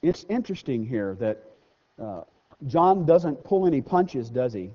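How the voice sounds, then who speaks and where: A man preaching a sermon in a church, talking to the congregation in an easy way. He slows down to read scripture and makes joking, self-deprecating asides. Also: medium pitch, very animated. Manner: conversational preaching, slows down and rises for scripture readings. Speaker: pastor. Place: church sanctuary. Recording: dull sound with long hall reverb.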